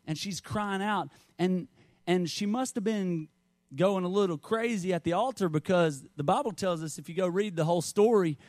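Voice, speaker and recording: Guy preaching, chatty storyteller, kinda high voice, dry close mic. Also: normal speed, few pauses, darkish tone, dry recording. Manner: conversational preaching, storytelling with asides. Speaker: pastor. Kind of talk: sermon.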